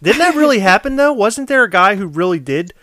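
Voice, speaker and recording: A man's voice: sits high, big pitch swings, brisk, sharp tone, no room sound, clean studio sound. A man co-hosting a podcast in casual chat, chatty and self-mocking. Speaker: podcast co-host.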